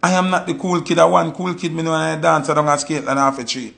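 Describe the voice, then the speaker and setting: A man with a Jamaican Patois accent, telling stories in a casual monologue and acting out quoted voices with sudden high jumps. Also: level tone, quick pace, vocal fry, fairly bright tone. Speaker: commentator.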